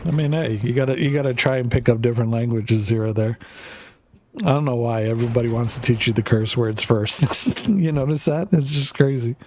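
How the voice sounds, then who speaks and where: A man's voice: mid-range voice, a little fast, a little mellow, slight background noise. Rambling, profane Canadian male streamer. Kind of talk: casual chat while gaming.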